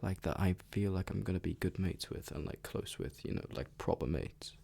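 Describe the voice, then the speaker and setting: A young man rambling casually in a soft, half-whispered ASMR chat, full of fillers and the odd swear word. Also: low voice, brisk, vocal fry. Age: young adult. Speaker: ASMR creator.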